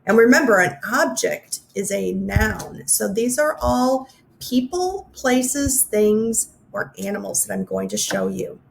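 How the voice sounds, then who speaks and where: A woman teaching a phonics lesson to young children, sounding out letter sounds slowly and clearly. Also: mid-range voice, wildly swooping pitch, slight background noise.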